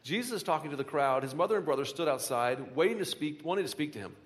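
A man with a high voice preaching a sermon in a big hall, with long reverb trailing his words. He talks casually to the congregation, then pushes into emphatic, repetitive bursts. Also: animated, fast talker. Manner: conversational, rising to emphatic bursts with repeated phrases. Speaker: pastor. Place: large hall with a live congregation.

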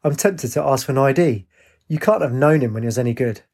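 A man's voice: medium pitch, fast talker, a little mellow, natural voice. A man voicing a blunt, nosy middle-aged pub barman.

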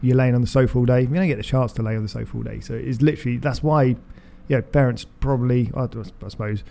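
A man's voice: medium pitch, steady tone, quick pace, gravelly, dark tone, slight background noise. A man co-hosting a podcast, talking casually and trailing off mid-sentence. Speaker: podcast co-host. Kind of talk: casual chat.

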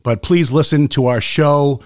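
A man with a Boston accent hosting a casual podcast, talking fast and passionately, with many fillers and restarts. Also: fairly high pitch, no room sound, studio quality. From Boston area. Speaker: host.

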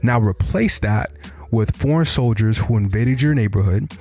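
A man's voice: on the low side, moderate pace, darkish tone, faint music behind. A man introducing a podcast episode in a scripted, dramatic way, asking listeners to imagine scenes. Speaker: podcast host.

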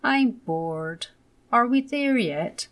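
A woman's voice: fairly high pitch, lively intonation, extremely slow, fairly bright tone, pitched above the performer's own voice, heavily acted. A woman voicing an impatient little boy on a long car ride, whiny and pleading.

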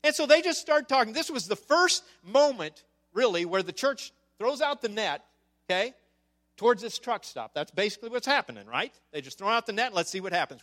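A man telling a story in a sermon to a congregation, animated and checking in with the audience as he goes. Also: sits high, moderate pace. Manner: animated, with frequent "okay?" asides to the audience. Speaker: speaker on church outreach. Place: church service before a congregation.

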